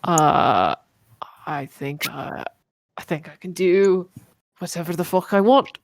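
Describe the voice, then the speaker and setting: A woman's voice: on the low side, slow, no room sound. A woman voicing an arrogant male vampire lord who talks crudely and dismissively.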